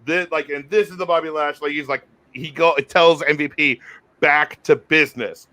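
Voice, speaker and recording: A man hosting a casual wrestling review chat, excitable and rambling, often restarting his sentences. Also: fairly high pitch, fairly quick, dry recording.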